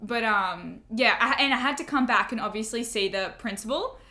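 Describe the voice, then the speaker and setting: Bright-voiced young woman telling stories. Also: fairly high pitch, animated, moderate pace. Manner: swearing, laughing, many fillers like "like". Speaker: podcast host. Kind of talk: casual storytelling chat.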